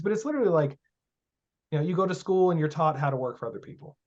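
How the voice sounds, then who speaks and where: Casual podcast guest, man, slightly high voice, blunt and profane, emphatic storyteller; muffled lo-fi audio. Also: animated, fast talker. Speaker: guest, magic teacher.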